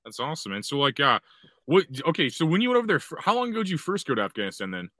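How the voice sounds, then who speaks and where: A male podcast host asking questions in an excitable manner, tripping over his words. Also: on the high side, rapid-fire, dry recording, studio quality. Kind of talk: casual interview chat.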